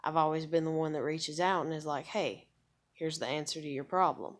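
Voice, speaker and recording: A woman's voice: deep voice, fairly even intonation, brisk. A woman in her thirties venting in a rambling, casual monologue, frustrated and swearing often. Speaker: vlogger.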